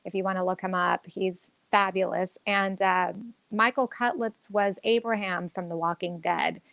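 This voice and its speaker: A woman's voice: mid-range voice, fairly even intonation, moderate pace, gravelly, dry recording, muffled recording. A woman who acts and teaches acting, chatting upbeat and enthusiastic in an interview, with plenty of fillers. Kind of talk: casual interview chat.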